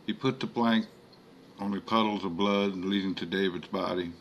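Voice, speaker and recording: A man narrating a horror story in a slow, measured reading. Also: sits low, fairly even intonation, slight background noise.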